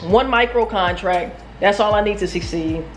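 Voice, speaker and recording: A woman's voice: medium pitch, normal speed, reverberant, faint music behind. A woman telling a casual, profane, self-mocking story about her day trading. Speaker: trading vlogger.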